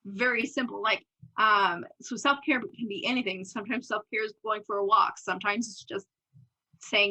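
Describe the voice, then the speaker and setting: A young woman with a bright, forceful voice talks openly as a podcast guest. She laughs easily and slips into little acted quotes of her own past thoughts, in relaxed, candid conversation. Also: mid-range voice, normal speed, rough recording. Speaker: podcast guest, business owner. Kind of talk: casual interview chat.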